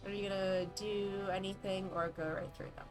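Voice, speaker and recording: A woman's voice: medium pitch, fairly quick, music in the background. A woman narrating as dungeon master, describing scenes in an easygoing way with fillers. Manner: relaxed, hesitant descriptions with fillers. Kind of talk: narrating a tabletop game.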